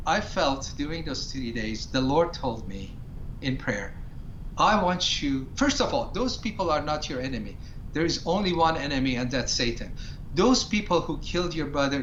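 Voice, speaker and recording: A man's voice: mid-range voice, fairly bright tone, roomy sound, dull audio, a little hiss or hum. A man from Iran, a ministry founder, tells his personal testimony in a talk show interview in an earnest way and acts out his prayers.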